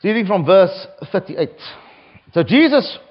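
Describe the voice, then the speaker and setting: A man's voice: high voice, big pitch swings, measured pace. A man preaching a sermon, reading scripture aloud with a dramatic delivery, from South Africa. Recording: dull lo-fi recording.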